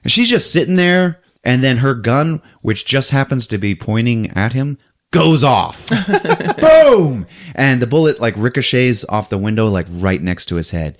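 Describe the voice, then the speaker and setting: A man's voice: medium pitch, a little slow. A man hosting a podcast, casually recapping a film and acting out characters with frequent laughs. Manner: animated storytelling that acts out characters, laughing often. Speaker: podcast host.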